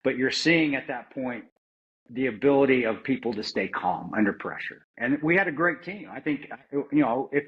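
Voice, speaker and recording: A husky middle-aged man from the United States talks through his combat memories in a candid, plain-spoken way, often restarting sentences and swearing now and then. The audio is dull and a bit lo-fi, like a modest podcast setup. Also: mid-range voice, lively intonation, moderate pace. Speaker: interview guest, former Army Ranger and security contractor. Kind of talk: candid conversational storytelling.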